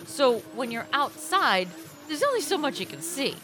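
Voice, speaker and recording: A woman co-hosting a podcast, telling stories in an excitable, goofy, casual chat. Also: high-pitched, normal speed, noisy background. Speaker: podcast co-host.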